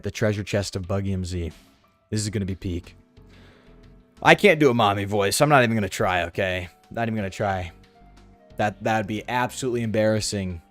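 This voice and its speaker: A young man with a sore throat giving slangy, excitable commentary while playing a video game. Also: on the low side. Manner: slangy, excitable, lots of "dude" and "bro". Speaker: gaming video host.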